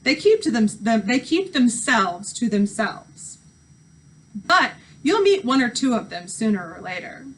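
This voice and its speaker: A woman's voice: fairly high pitch, very animated, a little slow. A woman voicing a chatty, knowing young girl in a read-aloud storybook.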